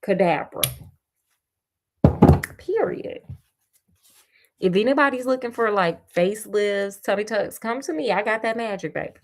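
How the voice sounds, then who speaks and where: A woman's voice: mid-range voice, brisk, few pauses. Sassy woman reading a fairy tale aloud. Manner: sassy, slangy, playful commentary between passages. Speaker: storyteller.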